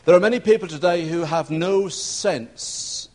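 A man preaching a sermon, telling a story and acting out the voices in it. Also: a little slow. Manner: storytelling preacher, acting out shouts and quotes with rising pitch.

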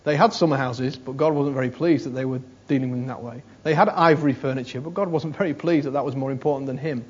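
A man's voice: mid-range voice, fast, husky. A man preaching a conversational sermon, repeating phrases for emphasis and often saying "you know". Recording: dull lo-fi sermon recording.

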